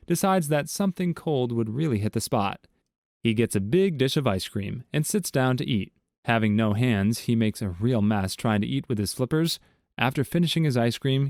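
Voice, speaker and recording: A man reading short jokes aloud as scripted narration, with a steady storytelling delivery. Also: mid-range voice, dry recording, studio quality. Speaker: joke narrator.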